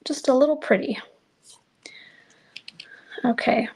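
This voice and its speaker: A woman's voice: sits high, slow pace, vocal fry, a little mellow, husky. A woman giving a chatty, self-deprecating crafting demo, talking to viewers as she works. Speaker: card-making demonstrator.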